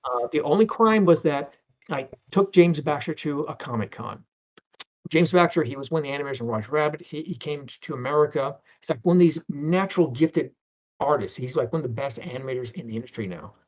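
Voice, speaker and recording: A man's voice: fairly high pitch, lively intonation, fairly quick, a little mellow. A middle-aged man, a guest on an interview, telling anecdotes in a rambling way with many restarts and acted-out voices. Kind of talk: anecdotal storytelling. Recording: dull lo-fi sound.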